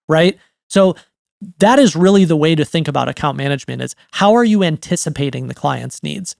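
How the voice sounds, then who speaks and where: A man's voice: fairly high pitch, creaky, a little mellow, dry recording, clean studio sound. A man in his thirties giving a conversational business lesson on writing, often checking in with "right?". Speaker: writing coach. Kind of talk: educational monologue.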